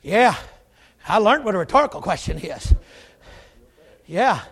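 A preacher with an unusually high, slightly breathy voice delivers an unhurried, very animated sermon. He's folksy and emphatic, tosses in joking asides, and often swells into shouting.

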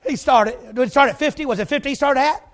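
A fast-talking preacher with an unusually high voice delivers his sermon in a folksy, emphatic way. Joking asides come often, and his voice regularly rises to shouting.

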